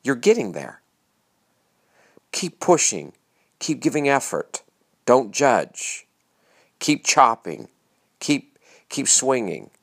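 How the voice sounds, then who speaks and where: A man's voice: medium pitch, big pitch swings, slow pace, long pauses. A middle-aged man, hosting a motivational monologue in short, emphatic, repeated phrases. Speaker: motivational speaker and show host.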